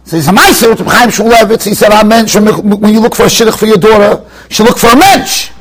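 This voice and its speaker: High-voiced emphatic rabbi lecturing. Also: male voice, quick pace, poor audio. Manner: emphatic storytelling, mixing Yiddish and Hebrew terms. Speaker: rabbi giving a Torah class. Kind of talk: yeshiva Torah lecture. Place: study hall in a yeshiva.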